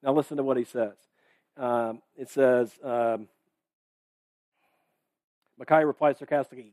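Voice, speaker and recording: A man's voice: mid-range voice, fairly even intonation, unhurried, long pauses, a little mellow, no echo. A man preaching a sermon as a pastor, reading verses and commenting in a casual, conversational way with many fillers. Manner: casual, conversational, reads verses and checks in with "right?" and "okay?"; filler-heavy with restarts.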